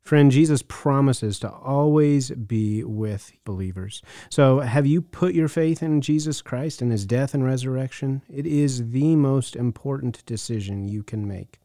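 A man hosting a radio program, speaking directly and warmly to listeners as he closes the show. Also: mid-range voice, measured pace, few pauses, no room sound, studio quality. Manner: warm, direct address to listeners.

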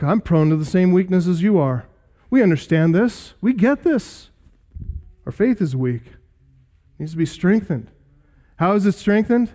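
A man's voice: on the high side, mellow. A man preaching a sermon in an earnest, emphatic way, repeating key phrases for weight. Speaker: pastor.

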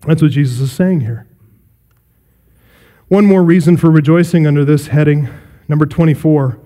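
A man preaching an expository sermon, emphatic and slowing down to stress key phrases. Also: a little high, expressive, dark tone, long reverb tail.

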